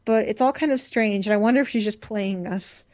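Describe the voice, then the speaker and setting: A woman co-hosting a casual fan podcast, giggly and animated, quick to laugh. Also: medium pitch. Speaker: podcast co-host.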